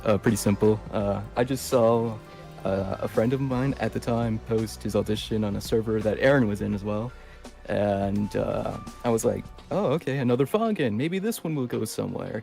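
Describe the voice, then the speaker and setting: A man's voice: fairly low pitch, animated, normal speed, creaky, mellow, faint music behind. A man who does voice acting, introducing himself on a call, laid-back and hesitant. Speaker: voice actor guest. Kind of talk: casual chat on a livestream call.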